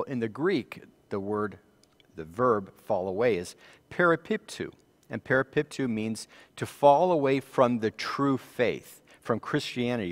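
A man's voice: on the low side, in a large hall. A man with an American accent teaching a church Bible study class, reading scripture aloud and stressing key words, then explaining them. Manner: reads scripture aloud with rising emphasis. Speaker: Sabbath School teacher.

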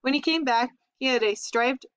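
A woman reading a children's chapter book aloud in a steady storytelling manner. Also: high-pitched, normal speed, clear, resonant tone, dry recording, muffled recording. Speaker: reader.

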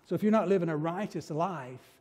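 A man's voice: fairly high pitch, lively intonation, a little fast, a little mellow. Preacher man in a reverberant church. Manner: emphatic preaching with rising bursts and rhetorical questions. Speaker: pastor. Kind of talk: sermon. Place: church sanctuary.

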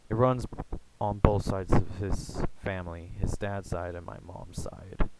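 A young American man chatting casually in a rambling, halting way, full of fillers and restarts. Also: low voice, steady tone, very noisy. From United States. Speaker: gaming YouTuber. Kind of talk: casual rambling vlog chat.

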